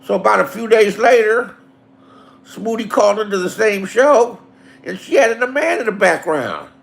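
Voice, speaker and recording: Gravelly man telling crude stories. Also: sits high, animated, normal speed. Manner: crude, laughing, rambling, acts out quotes. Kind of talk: casual profane storytelling.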